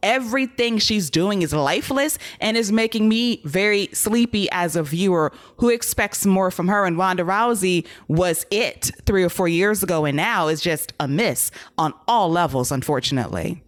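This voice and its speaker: A woman in a casual wrestling discussion with a somewhat low voice. She is blunt and critical, and she makes her points with dry, wry turns of phrase. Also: lively intonation, normal speed, few pauses. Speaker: wrestling podcast panelist.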